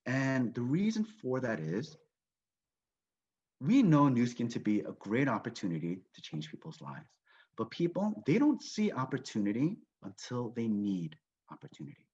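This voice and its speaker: With a very animated, darkish, breathy mid-range voice at a moderate pace, a man tells a story in a motivational business training talk, performing what others said. He's on a video call from home in Las Vegas, and the audio is dull and lo-fi.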